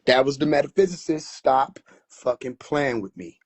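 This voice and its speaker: A man's voice: mid-range voice, lively intonation, moderate pace, slight background noise. A man hosting a live stream, boisterous and mocking in a casual rant, laughing often. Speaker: livestream host.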